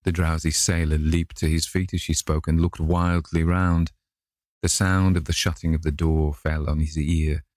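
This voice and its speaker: A man narrating a classic novel in a measured way, lightly voicing the characters. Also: extremely low pitch, level tone, no echo, clean studio sound. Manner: measured reading, gently voices each character. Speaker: audiobook narrator.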